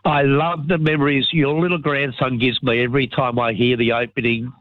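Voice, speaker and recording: A man's voice: mid-range voice, flat delivery, brisk, no room sound. An older man calling a radio show, hesitant with many ums. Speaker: radio caller. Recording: tinny phone line.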